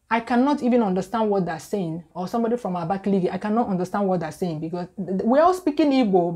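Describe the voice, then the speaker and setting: Nigerian lady vlogging to camera, warm mellow tone, preachy and emphatic, lots of questions at you. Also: medium pitch. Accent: Nigerian English. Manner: emphatic, lecturing, rhetorical questions. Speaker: YouTube host. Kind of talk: casual talk to camera.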